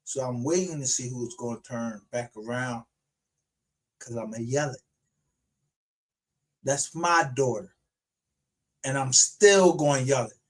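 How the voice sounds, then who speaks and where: A man's voice: mid-range voice, unhurried, long pauses. A man ranting aggressively on a livestream, confrontational and full of profanity. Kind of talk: angry livestream rant.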